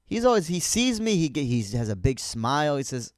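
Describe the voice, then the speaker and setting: A man with a fairly high voice riffs in a rambling, sardonic comedic monologue, his pitch leaping up and down as he goes. He restarts often and drops to a softer, halting tone when he gets personal. The sound is dry and close, with no room around it. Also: very animated, no room sound. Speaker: podcast host.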